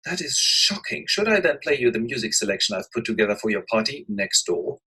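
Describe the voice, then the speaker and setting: A man voicing a witty, idle young gentleman who teases his friend. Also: mid-range voice, big pitch swings, husky, full character voice, low-quality recording. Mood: teasing. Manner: teasing and quick.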